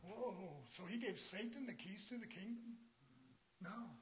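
A male preacher delivering a fiery sermon in a church, blunt and confrontational, swinging from shouting to hushed near-whispers. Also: high voice, measured pace, husky. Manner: blunt, confrontational, repeating phrases.

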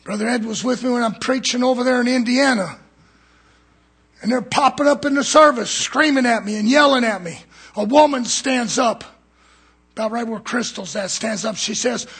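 A man preaching a fiery sermon in a church, swinging from loud shouts to low murmurs. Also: normal speed, vocal fry, breathy edge.

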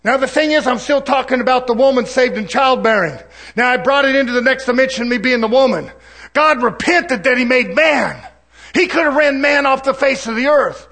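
A man preaches in a church, his voice sitting very high for a man and ringing with a bright, cutting edge. He swings from shouted, fiery climaxes down to hushed, chatty asides aimed at his congregation. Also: a little fast. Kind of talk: sermon.

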